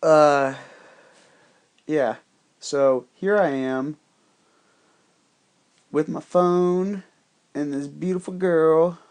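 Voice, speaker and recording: A man with a slightly higher-than-usual voice rambles through a story, swearing constantly. He talks in a loose, conspiratorial way. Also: steady tone, extremely slow, pauses often, darkish tone, clean tone. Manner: rambling, heavily profane, conspiratorial. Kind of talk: casual storytelling monologue.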